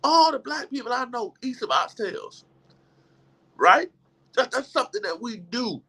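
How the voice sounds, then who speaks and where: A middle-aged man delivers a motivational talk to a gathered group, his pitch sitting fairly high for a man. He speaks in an emphatic, preacher-like way, doubling up words as he drives each point home. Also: expressive, unhurried, creaky, pushed and bright, breathy edge.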